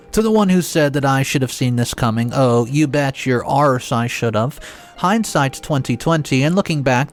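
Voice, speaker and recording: A man narrating a dramatic first-person story in a sarcastic, exasperated and animated way. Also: medium pitch.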